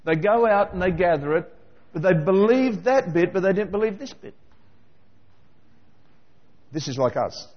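A man preaching a sermon, animated and constantly questioning his listeners. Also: high voice, normal speed, long pauses, long reverb tail, muffled recording. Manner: animated, questioning the congregation directly.

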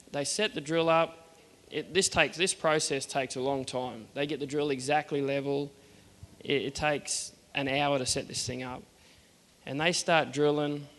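Australian man, fairly high voice, plain-spoken testimony, hall reverb. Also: fairly bright tone. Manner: earnest, plain-spoken, acts out the dialogue. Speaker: churchgoer telling his faith story. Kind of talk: personal testimony storytelling.

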